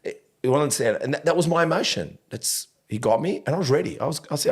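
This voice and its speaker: A man hosting a podcast, telling stories in a lively casual way and swearing freely. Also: mid-range voice, quick pace, hardly any pauses. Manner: animated storyteller, swears casually, laughs often. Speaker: podcast host.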